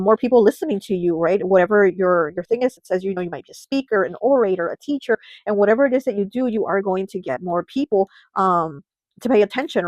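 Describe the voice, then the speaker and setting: A woman's voice: mid-range voice, darkish tone, dry recording, low-quality recording. A woman giving a casual tarot reading, talking chattily with many filler words and restarts. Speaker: tarot reader.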